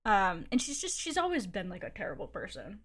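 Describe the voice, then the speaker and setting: A woman's voice: mid-range voice, wildly swooping pitch, a little fast, fairly bright tone. A woman streamer chatting casually, telling a gossipy story candidly with frequent swearing and laughs. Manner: rambling with fillers and laughs. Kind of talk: casual chat.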